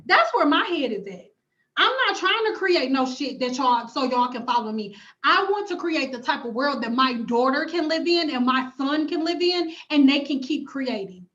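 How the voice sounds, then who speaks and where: Woman, high voice, emphatic, repetitive, profane, livestream vlog, muffled lo-fi sound. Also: lively intonation, normal speed, a bit bright. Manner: blunt, emphatic, profane, repeats phrases for emphasis. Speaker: hair care YouTuber and cosmetologist. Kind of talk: livestream rant to viewers.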